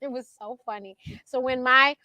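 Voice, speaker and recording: A show host being interviewed, this woman has a high, bright, forceful voice and tells stories casually at a normal pace. She is animated and often laughs mid-sentence, jumping to a higher voice to act out what others said, all in a dry, close recording.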